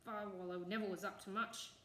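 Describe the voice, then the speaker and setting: A woman voicing a squat, hairy, grumpy male boggart who talks in a gruff, stubborn, blustering way. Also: medium pitch, steady tone, fairly quick, sharp tone, a little hiss or hum, natural voice. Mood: frustrated. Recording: echoey room, faint ambience.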